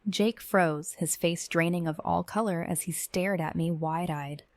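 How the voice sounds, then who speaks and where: A woman giving measured, tense first-person narration of a scripted horror story. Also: fairly low pitch, steady tone, no echo.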